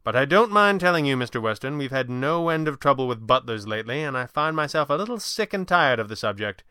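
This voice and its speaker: A blunt, wry wealthy gentleman interviewing a servant, as a storybook reader puts him on. His tone is bright and clean, the lines dry and probing, delivered with a candid ease. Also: mid-range voice, lively intonation, fast talker, clean tone, no room sound. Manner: candid, wry, slightly pressing. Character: wealthy male employer, dry, blunt and impatient.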